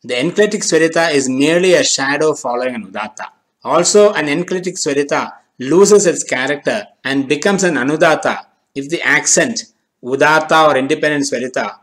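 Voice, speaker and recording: A man giving a scripted lesson as teacher, speaking in a measured, deliberate way and slowing down on key terms. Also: fairly high pitch, fairly bright tone, poor audio. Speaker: language teacher.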